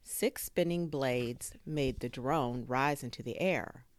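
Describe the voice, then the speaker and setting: Woman, very low voice, animated children's read-aloud, dry studio sound. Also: takes it slowly, no room sound. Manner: expressive, with sound effects. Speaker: story reader.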